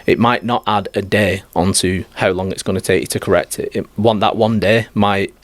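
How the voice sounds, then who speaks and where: A man's voice: fairly low pitch, fairly even intonation, normal speed, no room sound. A man talking as a life coach guest on a podcast, blunt, direct and emphatic. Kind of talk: podcast conversation.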